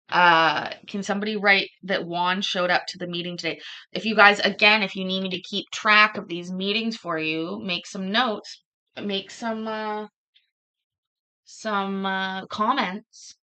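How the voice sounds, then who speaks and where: A woman's voice: mid-range voice, pushed and bright. A woman hosting a livestream, chatting casually and rambling, often laughing between thoughts. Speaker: livestream host.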